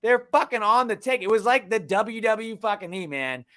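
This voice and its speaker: A young man co-hosting a sports podcast, ranting heatedly and with lots of swearing, jumping between loud outbursts and low muttering. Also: expressive, normal speed. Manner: heated, profane, swings from shouting to muttering. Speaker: podcast co-host. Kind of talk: casual sports podcast rant.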